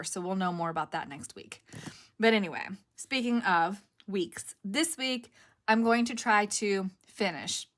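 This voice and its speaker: A woman's voice: medium pitch, fairly bright tone. Casting: middle-aged woman, craft vlog host, chatty and rambling, cough drop in mouth, mid-range voice. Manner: rambling, chatty, self-correcting. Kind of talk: casual chat to camera.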